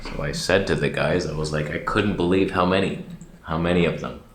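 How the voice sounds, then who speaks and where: A man putting on a low, dopey rambler. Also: roomy sound, lightly acted. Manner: slow, deadpan, absent-minded. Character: dim rambling man telling pointless stories.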